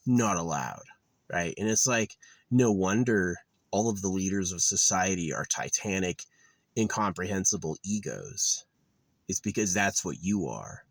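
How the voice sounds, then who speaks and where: A man with a very deep voice rants outdoors, cursing and mocking with open contempt. His pitch swings wide between low growls and sharp jumps. The sound is close and dry, with no room around it. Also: expressive, measured pace, no room sound. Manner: profane, sarcastic, contemptuous. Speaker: vlogger. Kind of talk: angry ranting monologue.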